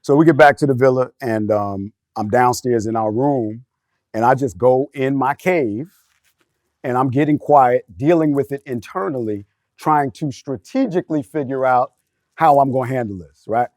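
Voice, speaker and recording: A man's voice: mid-range voice, moderate pace, no room sound. Storytelling man, dry close sound. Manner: storytelling, animated, street-casual phrasing. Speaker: podcast panelist. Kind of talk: candid podcast talk.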